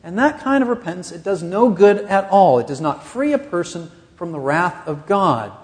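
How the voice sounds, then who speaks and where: A man's voice: high voice, sing-song, moderate pace, big-room sound. A man preaching a sermon as pastor of a church, earnest and pressing his points with rising emphasis.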